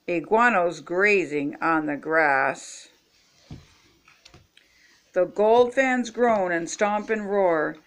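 An older woman reading picture books aloud expressively, stopping to chat with young viewers. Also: lowish voice. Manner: slow, expressive, chatty asides to young viewers. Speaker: storybook reader.

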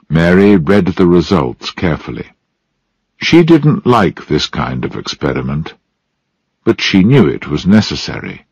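A man narrating a story slowly and deliberately for language learners. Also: sits low, very animated, a little mellow, no room sound, muffled recording. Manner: clear, deliberate phrasing. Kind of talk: slow storybook reading for learners.

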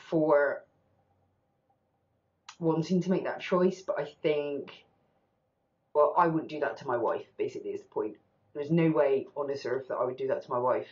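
A woman's voice: sits low, a little mellow, lo-fi sound. A woman hosting a TV reaction channel, talking candidly and with animation, swearing casually as she reacts.

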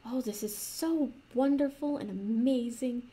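A woman improvising a fantasy story in a rambling, soft manner, with restarts and playful asides. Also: fairly high pitch, measured pace, husky.

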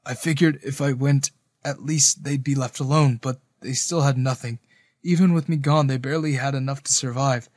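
A man voicing a wounded young male soldier who was forced into the army, speaking in a quiet, resigned way. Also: medium pitch, fairly even intonation, normal speed, no room sound, clean studio sound, close to an everyday voice. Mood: weary.

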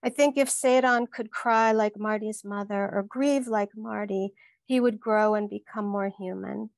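Gravelly-voiced woman reading her novel. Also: medium pitch, fairly even intonation, measured pace, dry recording. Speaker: author.

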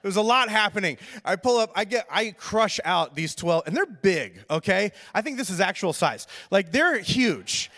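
In a church auditorium with reverberant hall sound, a pastor preaches a sermon, telling a funny, self-deprecating story in a loose, chatty way and speaking straight to the crowd. His high voice moves at a moderate pace with hardly any pauses, and his delivery is animated.

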